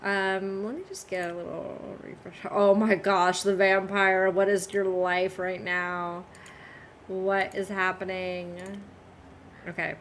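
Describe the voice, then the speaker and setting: A woman's voice: medium pitch, level tone, fairly bright tone, slight background noise. A young woman casually chatting and giggling as she streams a game from her phone. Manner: giggly, unhurried, chatty asides.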